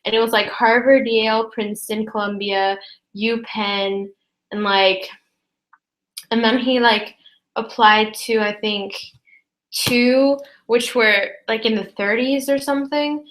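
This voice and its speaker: A teenage girl chatting casually to her viewers, rambling with many fillers and quick apologies. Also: fairly high pitch, fairly even intonation, a bit bright. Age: teens. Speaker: student vlogger. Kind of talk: casual chat to camera.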